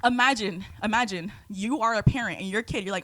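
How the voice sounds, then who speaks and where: A woman's voice: fairly high pitch, expressive, moderate pace, hardly any pauses, fairly bright tone, no room sound. A woman in her twenties from Georgia in the United States, co-hosting a casual podcast chat and telling stories dramatically with acted-out quotes. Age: 20s. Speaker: podcast co-host.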